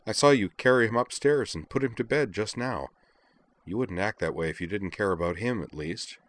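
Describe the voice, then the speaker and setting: A man's voice: on the low side, lively intonation, normal speed, natural voice. A man doing a fiery, scolding young woman. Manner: heated, scolding. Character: angry, forceful young woman confronting a friend.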